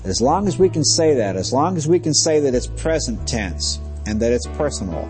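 A man, a pastor, giving a calm, measured Bible teaching and slowing down to quote scripture with weight. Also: mid-range voice, big-room sound, faint music behind.

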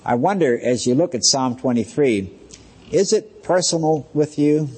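A male pastor delivers a steady Bible lesson, drawing out the scripture lines he quotes. His voice has a husky edge, and a long reverb trails every phrase. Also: on the high side. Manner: calm, measured teaching with slow, weighty quotations. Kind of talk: Bible teaching sermon.

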